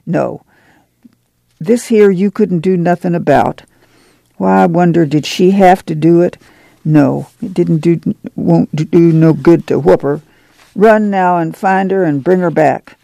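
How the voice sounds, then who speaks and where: A man voicing a middle-aged rural mother with a drawl, speaking in a steady, stern, often hushed way. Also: fairly high pitch, a little slow, vocal fry, dry recording.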